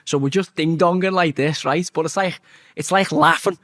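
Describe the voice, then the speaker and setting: A man telling a blunt, sweary story as an interview guest, talking fast and animated. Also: on the high side. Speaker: interview guest, former footballer.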